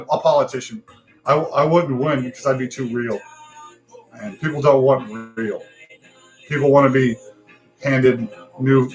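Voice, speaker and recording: A man hosting a livestream talk show, ranting bluntly with frustration and swearing. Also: medium pitch.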